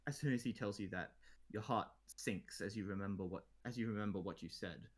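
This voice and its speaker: A man's voice: fairly low pitch, normal speed. A man narrating a tabletop role-play in the second person, often restarting and repeating phrases.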